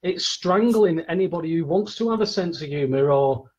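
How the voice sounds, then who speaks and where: Husky-voiced man telling rambling stories. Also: on the high side, lively intonation, moderate pace, darkish tone, highs cut off. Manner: rambling anecdotes, acts out the voices of the people in his stories. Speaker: podcast host. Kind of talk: casual storytelling chat.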